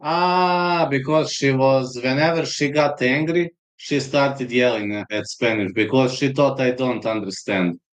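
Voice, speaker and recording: A man's voice: mid-range voice, measured pace, few pauses, low-quality recording. Rambling Serbian-accented man on a live stream. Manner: rambling, storytelling, reading chat aloud. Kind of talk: casual live-stream chat.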